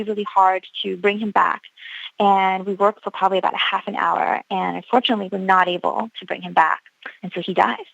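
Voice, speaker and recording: A woman's voice: mid-range voice, gravelly, dry recording, muffled recording. A woman emergency physician telling an earnest story of her early training, reenacting the dialogue as she goes. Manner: earnest, reliving events with quoted dialogue. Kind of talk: storytelling interview.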